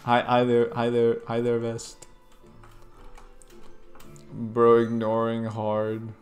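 A man's voice: mid-range voice, completely flat delivery, takes it slowly, a little mellow, faint music behind. A young man streaming a block-building game, grumbling and swearing while stumbling over repeated words. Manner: stammering restarts, swearing, grumbling. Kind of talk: casual gaming commentary.

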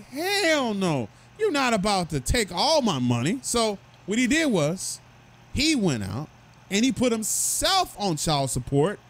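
A man's voice: sits high, a bit bright. A man hosting a gossip commentary video, telling the story with mocking asides to viewers. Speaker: commentary host.

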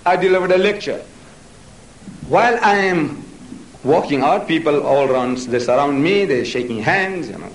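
Male lecturer, high voice, emphatic and questioning; distant mic, reverberant hall. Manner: emphatic, rhetorical questions to the audience. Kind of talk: public religious lecture. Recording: echoey hall, voice from far off.

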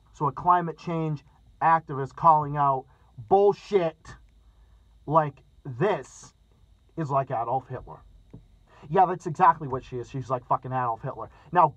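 A man's voice: on the high side, fairly bright tone, dry recording. A man giving an angry, heavily profane political rant, often stammering as he talks. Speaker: political commentator. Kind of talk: ranting commentary vlog. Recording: dull lo-fi dry sound.

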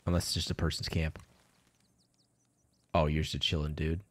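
A man with a very low voice keeps up a relaxed running commentary while he plays a video game. He swears freely and laughs easily, talking to himself and to his viewers as he goes. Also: moderate pace. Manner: laid-back, swears constantly, chuckles between remarks. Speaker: game streamer. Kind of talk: casual let's-play commentary.

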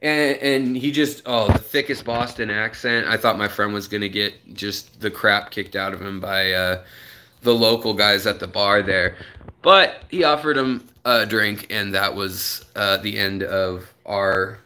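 A man's voice: lowish voice, steady tone, unhurried, pushed and bright. A man casually hosting an aquarium live stream, rambling, telling stories and greeting viewers by name.

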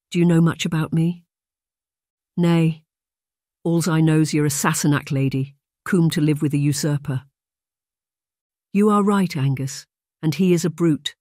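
A narrator gives a gentle, polite young Englishwoman who speaks in a raised, careful register. The delivery is clean and dry. She sounds close to the mic. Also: medium pitch, no room sound, natural voice. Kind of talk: audiobook character voice.

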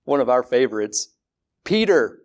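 With a mid-range, sing-song voice, a man delivers a sermon as pastor in a frank, conversational style. Repetition and deliberate slowdowns drive home his points, and his rhetorical questions lift at the end.

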